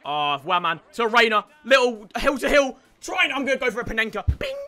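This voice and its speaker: A man giving excitable live commentary on his own gameplay, shouting and groaning at each play and talking to his viewers. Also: very high-pitched, fairly quick. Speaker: gaming YouTuber.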